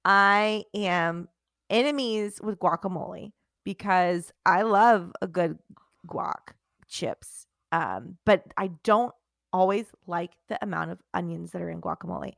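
A woman co-hosts a playful podcast chat and argues her opinions with mock seriousness. Her voice has a gravelly, fry-tinged edge. The sound is dry and close to the mic. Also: lowish voice, a little slow, a bit bright, dry recording. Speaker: podcast co-host. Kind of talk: casual chat.

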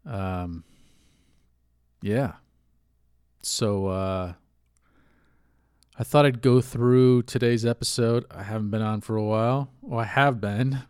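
A man's voice: fairly low pitch, darkish tone, no echo, studio quality. A man hosting a casual solo podcast, rambling candidly, swearing freely and laughing at himself. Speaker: podcast host.

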